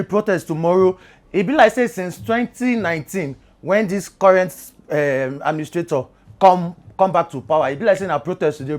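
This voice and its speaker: Young nigerian man, talk show host, high pitched voice, echoes the guest. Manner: echoes the guest's words back. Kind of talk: hosting a talk show in pidgin.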